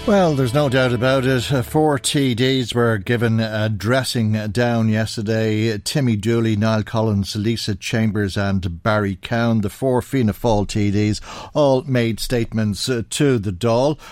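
A man with an Irish accent hosting a morning current affairs radio show, introducing guests with brisk speech and small hesitations. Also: lowish voice, steady tone, darkish tone, no echo.

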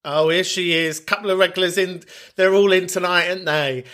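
A man's voice: high voice, fairly even intonation, heavy background noise. A man hosting a podcast, talking openly and camply and laughing easily as he answers callers. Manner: candid, camp, quick to laugh. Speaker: podcast host. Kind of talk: casual chat.

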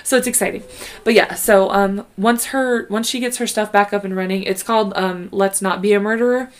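A woman's voice: mid-range voice, steady tone, fairly quick. A woman co-hosting a true crime podcast, chatting casually and rambling with many fillers and restarts. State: pregnant. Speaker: podcast co-host. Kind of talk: casual chat.

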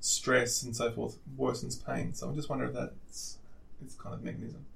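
A man's voice: medium pitch, little pitch movement, moderate pace, creaky, fairly bright tone. A man co-hosting an educational podcast who asks questions and recaps what his partner has said. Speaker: co-host.

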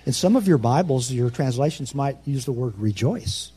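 A pastor preaching a sermon, nervous and fast-talking, with folksy asides that swing between soft remarks and loud, ringing proclamation. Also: male voice, mid-range voice, lively intonation, husky. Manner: folksy, self-deprecating asides.

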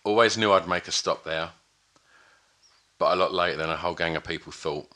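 A man voicing a weary, dying male gangster in a put-on Puerto Rican accent, delivering a slow, quiet, resigned film monologue. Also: low-pitched. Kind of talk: reading film's closing monologue.

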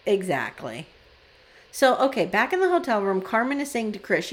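Her voice is medium-pitched and creaky, at a normal speed: a woman in her forties co-hosting a podcast. Chatting casually, she tells scenes with animation and performs the quoted lines.

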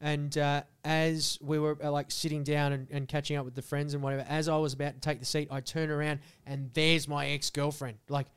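Animated crude man, higher voice. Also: a little fast, few pauses, clear, resonant tone. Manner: crude, animated storytelling with swearing. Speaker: podcast co-host. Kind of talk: casual chat.

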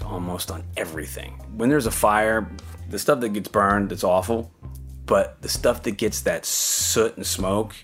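Older man, low voice, casual rambling storytelling, lots of fillers, faint music underneath. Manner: rambling, with many fillers and restarts. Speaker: interviewee recalling his music-business career.

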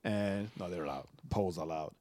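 A man's voice: sits low, a little slow, a little mellow, no room sound, studio quality. A man co-hosting a podcast, laid-back and laughing easily in casual chat. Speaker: podcast co-host.

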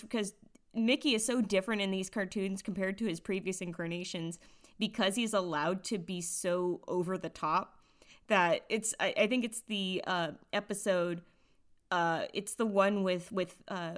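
A young woman co-hosting a casual podcast chat. She laughs easily and rambles through restarts. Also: fairly low pitch.

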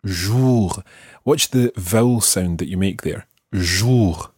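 Scottish guy teaching a language podcast, slow clear repeats, lowish voice. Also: a little mellow, no echo, studio quality. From Scotland. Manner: clear, patient, repeats words slowly for the learner.

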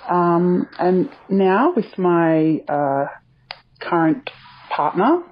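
A woman leaving a halting, sheepish recorded confession. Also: fairly low pitch, expressive. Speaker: caller sending a secret. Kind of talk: recorded voice message. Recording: dull lo-fi voice message.

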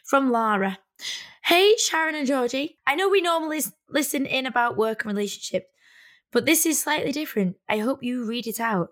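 Playful, slightly high-voiced woman co-host. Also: expressive, a little fast, fairly bright tone. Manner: playful and laughing, reads listener letters aloud. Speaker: podcast co-host. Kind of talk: casual chat.

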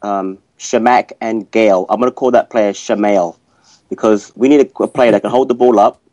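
A man on a football podcast panel, speaking in a measured way with frequent ums. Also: lowish voice, fairly even intonation, warm tone, no room sound. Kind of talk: casual chat. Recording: dull, dry, lo-fi sound.

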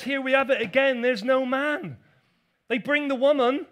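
High-voiced man preaching. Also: moderate pace, fairly bright tone. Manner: storytelling, playful asides, acts out quotes. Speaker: pastor. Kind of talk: sermon. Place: church before a congregation.

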